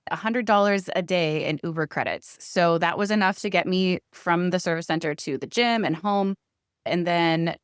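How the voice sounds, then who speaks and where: A woman, a podcast co-host, telling a lively personal story in casual chat, laughing often and acting out the lines she quotes. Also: on the low side, smooth, dry recording, clean studio sound.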